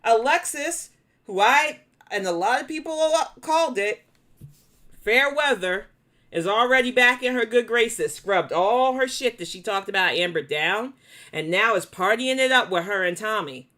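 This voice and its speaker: A woman's voice: on the high side, expressive, normal speed, sharp tone. Blunt, profane New York woman host. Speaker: commentary livestream host. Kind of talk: live commentary and chat replies.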